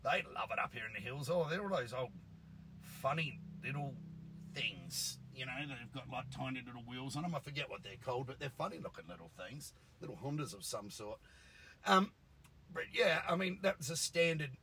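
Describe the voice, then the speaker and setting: A man's voice: medium pitch, animated, normal speed, sharp tone, a little hiss or hum, poor audio. A man, a car tuner ranting bluntly and swearing in a casual monologue. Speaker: engine tuner.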